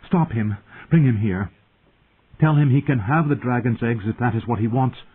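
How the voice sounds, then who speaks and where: A man voicing a young pregnant queen who gives calm, steady commands. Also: medium pitch, normal speed, husky, pitched above the performer's own voice, close to an everyday voice. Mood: commanding. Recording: tinny phone-like audio.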